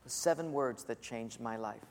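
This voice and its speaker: A man preaching a sermon, telling a story and sometimes dropping to a soft hush for quoted words. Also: medium pitch, moderate pace, long reverb tail, slight background noise. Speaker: pastor.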